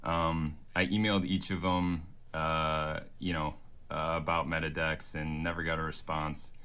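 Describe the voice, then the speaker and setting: A man's voice: very deep voice, little pitch movement, a little slow, pushed and bright, smooth. A man explaining himself to camera in a hesitant way, with many fillers. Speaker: NFT artist in a clip. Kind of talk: talking-to-camera explanation video.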